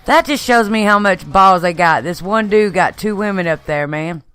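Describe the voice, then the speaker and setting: Bright, crisp-voiced woman swapping stories. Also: mid-range voice, lively intonation, normal speed, dry recording, low-quality recording. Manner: loose, profane storytelling. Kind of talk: casual chat.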